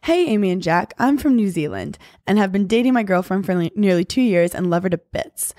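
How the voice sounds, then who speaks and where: A woman's voice: mid-range voice, expressive, fairly quick, dark tone, no room sound. Blunt young woman, dry close sound. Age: 20s. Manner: blunt, candid, laughs often. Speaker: podcast guest. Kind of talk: casual chat.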